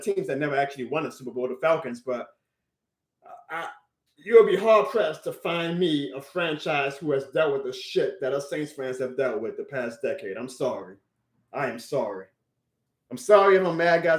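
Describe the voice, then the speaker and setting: Young male streamer, high voice, emotional ranting, echoey room, amateur live stream. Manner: emotional venting, swinging from loud outbursts to subdued sighs. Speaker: sports fan streamer.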